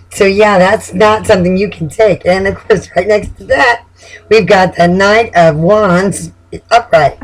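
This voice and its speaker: Tarot reader, relaxed monologue, giggly and talkative, middle pitch, thinks out loud. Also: slight background noise, rough recording. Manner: chatty, laughs often, amused; repeats words and restarts while thinking. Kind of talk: casual spoken tarot reading.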